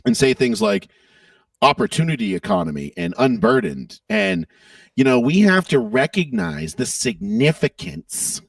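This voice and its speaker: Profane gravelly man ranting off-mic. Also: high voice, very animated, unhurried, no echo, far from the mic. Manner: profane, mocking rant. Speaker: podcast co-host. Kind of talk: casual political podcast chat.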